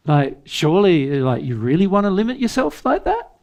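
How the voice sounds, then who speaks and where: A man with a somewhat high speaking voice leads a spiritual seminar. He talks emphatically, pressing his listeners with rhetorical questions and breaking into short chuckles. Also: sing-song, normal speed, darkish tone. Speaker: spiritual teacher. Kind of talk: seminar talk.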